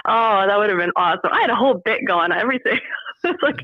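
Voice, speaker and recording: A woman calls in to a podcast and chats with a giggle in her voice. Her pitch is ordinary. She comes through a muffled phone line with a dry, close sound. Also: lively intonation, quick pace, no echo. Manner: giggly, chatty. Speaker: caller.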